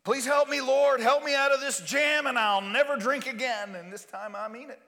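A preacher voicing a desperate man begging the Lord for rescue, his voice raised higher than his own. He pleads and stammers as he bargains, bright and tense, with the words ringing in a long hall reverb. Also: normal speed. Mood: pleading.

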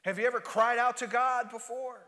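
A man's voice: very high-pitched, fairly even intonation, brisk, bright, forceful tone, long reverb tail. A male pastor preaching a sermon, asking rhetorical questions and hammering points home through repetition.

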